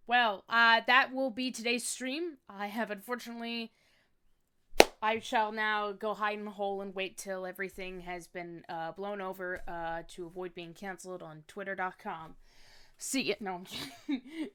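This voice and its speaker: A young woman streamer rambling in a playful, self-mocking way during a casual drawing stream. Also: medium pitch. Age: young adult. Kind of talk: casual chat while drawing.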